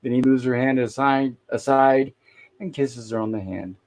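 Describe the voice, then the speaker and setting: A man chats on a casual livestream, recapping scenes from an old sitcom. He slips into the characters' lines now and then as he retells them. His voice sits at a medium pitch. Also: normal speed, a little mellow. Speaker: podcast host reviewing a classic sitcom.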